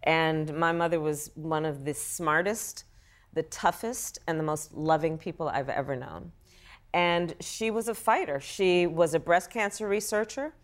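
Woman, middle-aged, lowish voice, earnest, measured, studio guest. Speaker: guest politician. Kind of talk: talk show interview. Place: television studio.

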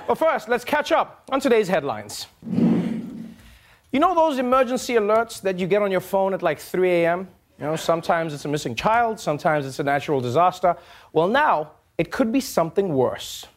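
A man hosting a late-night comedy show, delivering a stand-up monologue with an animated manner and mocking voices. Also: sits high, moderate pace. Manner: animated, slips into mocking voices for quoted people. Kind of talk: stand-up monologue before a studio audience. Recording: studio audience noise behind the voice. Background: studio audience laughing and cheering.

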